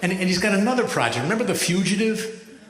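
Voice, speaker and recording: Older man telling wry stand-up jokes. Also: sits high. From United States. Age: 70s. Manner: wry, measured storytelling with deadpan punchlines. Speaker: rabbi and comedian. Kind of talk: stand-up comedy. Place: large hall with a live audience. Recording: echoey hall from far off.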